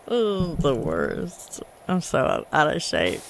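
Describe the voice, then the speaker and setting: Slow-talking woman streamer, faint hiss. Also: on the low side, huge pitch swings. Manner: chatty, laughs often, reads chat aloud. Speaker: livestream gaming host. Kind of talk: casual gaming livestream chat.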